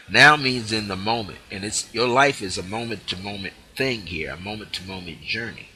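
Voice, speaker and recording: A man's voice: lowish voice, expressive, normal speed, few pauses, pushed and bright, poor audio. A man teaching a spiritual class, leading listeners through repeated affirmations and decrees and stressing key words. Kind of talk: teaching session with guided affirmations.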